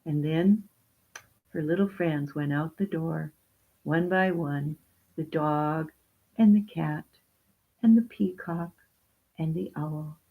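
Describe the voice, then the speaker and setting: Slow, gentle woman storyteller. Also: low-pitched, breathy edge, phone-quality sound. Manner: slow, expressive reading. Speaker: children's storyteller.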